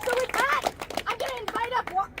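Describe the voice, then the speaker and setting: A woman's voice: extremely high pitch, a little fast, background noise. A woman organizer giving urgent directions to a crowd at an outdoor protest. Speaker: rally organizer. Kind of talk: announcing at a protest rally. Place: outdoor campus green.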